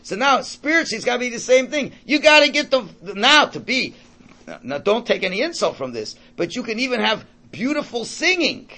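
A man's voice: very high-pitched, very animated, fairly quick, bright, forceful tone. A man giving an informal Torah class in a conversational way. He repeats words while thinking aloud and mixes in Hebrew and Yiddish terms. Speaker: Torah teacher.

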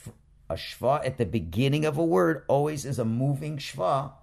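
A man's voice: medium pitch, animated, normal speed, vocal fry, darkish tone. A man teaching a reading lesson, explaining rules patiently and sounding out each syllable with care.

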